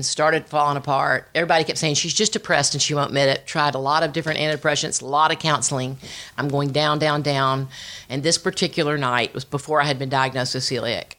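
A middle-aged woman, giving a personal testimony and telling it with animated storytelling, acting out family voices. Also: low voice, fairly quick. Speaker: speaker sharing her testimony.

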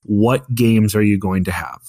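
A man's voice: lowish voice, unhurried, a little mellow, dry recording, studio quality. A man in his thirties, a podcast co-host telling a story in casual chat, rambling with many fillers and restarts. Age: 30s.

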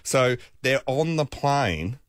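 Animated man telling a story. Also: medium pitch, slow, dry recording. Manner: animated anecdote-telling, laughs often. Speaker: podcast guest. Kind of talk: casual storytelling chat.

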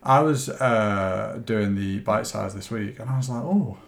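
A man's voice: lowish voice, fairly even intonation, a little slow, vocal fry. Male co-host, teasing and jokey, rambling chat delivery. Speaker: podcast co-host, weight-loss coach. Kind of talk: casual podcast chat.

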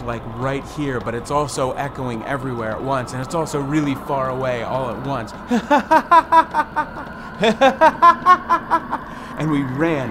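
A man telling a dramatic ghost story in a suspenseful style, building to excited rushes and humming his own sound effects. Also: medium pitch, background noise. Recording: music bed under the voice.

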